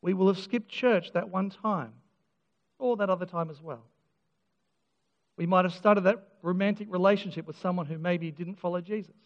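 A man preaching in a church, with an earnest, emphatic delivery that restarts often and slips in wry humour. His voice sits high, and a long reverb hangs behind it on a dull, lo-fi recording. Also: normal speed. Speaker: pastor. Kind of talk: sermon.

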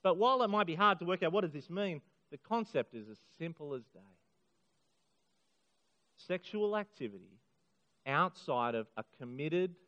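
A middle-aged man preaching a sermon to a congregation, earnest and emphatic, slowing down on key phrases. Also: on the high side, sharp tone. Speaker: pastor. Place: church hall. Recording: muffled sound in a hall with long reverb.

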